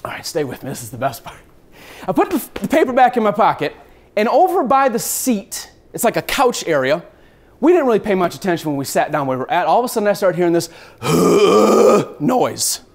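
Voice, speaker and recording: A man telling a personal travel story, acting out scenes with lively shifts and the occasional swear word. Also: high-pitched, quick pace.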